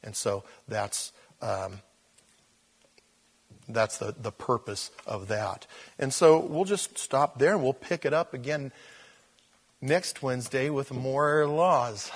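A man's voice: mid-range voice, lively intonation, takes it slowly, pauses often, slightly rough. A male pastor giving a conversational Bible teaching, folksy and rambling, often correcting himself as he goes.

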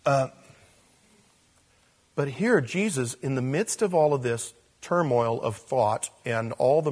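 A man's voice: mid-range voice, darkish tone, husky. A man preaching a verse-by-verse sermon as a pastor, emphatic and repeating phrases for stress.

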